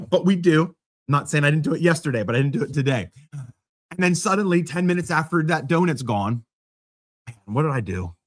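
A man's voice: on the high side, fairly quick. A man preaching a sermon as pastor, in a conversational style with self-deprecating humor.

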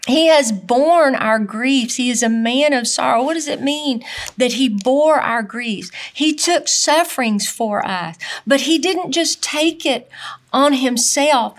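A middle-aged woman preaching a sermon with a somewhat high voice. She speaks slowly and haltingly, restarting phrases as she goes, and leaves long pauses between her points.

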